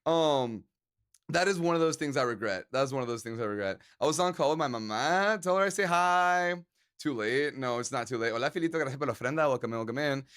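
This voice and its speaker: A man's voice: medium pitch, lively intonation, fast, a bit bright, clear, resonant tone. A man live-streaming and chatting casually with his viewers, joking around and laughing often.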